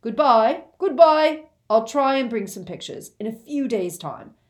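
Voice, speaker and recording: A woman voicing a gentle, worn-out middle-aged wizard man in a storybook reading, earnest and exclaiming. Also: fairly high pitch, animated, unhurried, voice pushed up. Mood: overjoyed.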